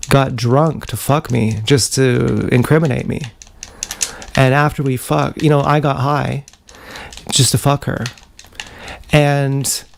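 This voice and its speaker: A man's voice: mid-range voice, gravelly, a little hiss or hum. A man rambling through a profane personal story in a casual livestream monologue, recorded on an action camera mic.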